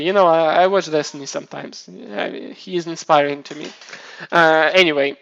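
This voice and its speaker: A man's voice: fairly high pitch, steady tone, normal speed, vocal fry, a bit bright, dull audio. A man casually chatting on his live stream, rambling and swearing, often restarting his sentences. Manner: rambling, profane, self-mocking, many restarts.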